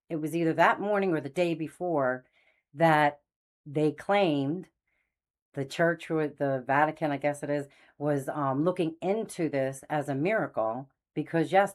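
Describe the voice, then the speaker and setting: A middle-aged woman hosting a faith channel, telling her story in a casual, meandering way and losing her train of thought. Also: low-pitched. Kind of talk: casual spoken testimony.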